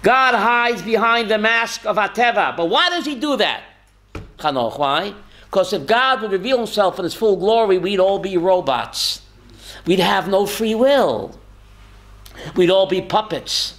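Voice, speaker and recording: A man's voice: sits high, expressive, a little slow, a bit bright. A man, a rabbi, teaching a Torah class in a folksy, joking way and quizzing his listeners by name. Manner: folksy, jokey asides.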